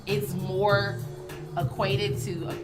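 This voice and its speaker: A woman's voice: medium pitch, flat delivery, slow pace, music in the background. A woman co-hosting a casual chat, reacting with short remarks and questions. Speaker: podcast co-host.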